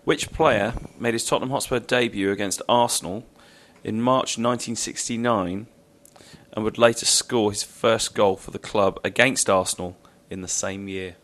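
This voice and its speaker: A man reading out quiz questions on a sports podcast and telling animated anecdotes. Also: on the low side, moderate pace. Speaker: podcast quizmaster. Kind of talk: casual chat.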